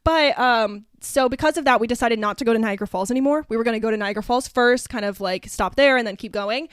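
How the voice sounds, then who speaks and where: Bubbly 20s woman podcast co-host, quick and chatty, slightly high, dry close-mic sound. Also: clear, resonant tone, dry recording. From Ohio. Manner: bubbly, chatty, lots of fillers. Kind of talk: casual chat.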